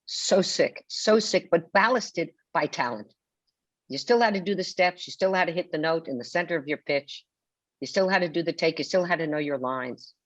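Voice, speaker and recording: Older woman guest on a webinar, low voice, vivid theatrical storyteller, dull dry video-call sound. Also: normal speed, no room sound. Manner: theatrical storyteller who acts out quotes. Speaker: guest author. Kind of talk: webinar conversation.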